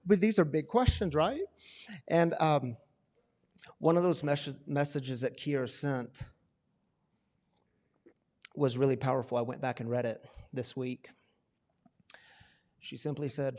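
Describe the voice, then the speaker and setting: A man preaching to a recovery church community, telling a story with swings between loud and hushed delivery. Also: mid-range voice, steady tone, unhurried, pauses often. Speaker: pastor. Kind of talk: sermon storytelling.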